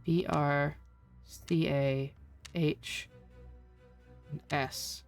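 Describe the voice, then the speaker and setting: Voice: medium pitch, fairly even intonation, drawn-out words, soft background music. A streamer with a Scottish accent, chatting casually and thinking aloud while solving a puzzle in a game. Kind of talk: casual let's-play commentary.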